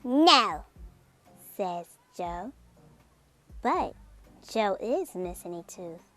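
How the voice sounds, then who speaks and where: A woman reading a children's picture book aloud in an expressive, slow storytelling manner. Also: fairly low pitch. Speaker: storybook reader.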